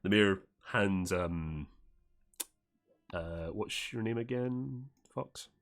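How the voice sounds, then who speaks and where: Brief: low-voiced male game master, casual, rambling improv narration. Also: extremely slow. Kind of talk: running a tabletop game, casual.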